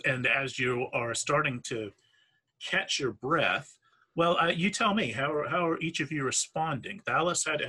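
A man runs a tabletop game as its game master, his voice husky and a little breathy. He narrates haltingly, full of fillers and restarts, at an ordinary middle pitch. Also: bright, forceful tone.

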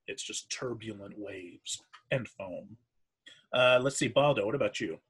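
A man narrating as game master of a tabletop game, halting with many fillers and restarts. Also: fairly low pitch, a bit bright, breathy edge.

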